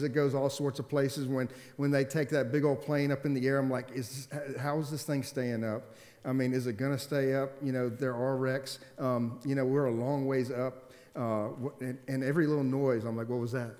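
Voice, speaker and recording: A man's voice: medium pitch, darkish tone. Man preaching a sermon in a reverberant hall. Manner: storytelling preacher, earnest and emphatic. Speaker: pastor.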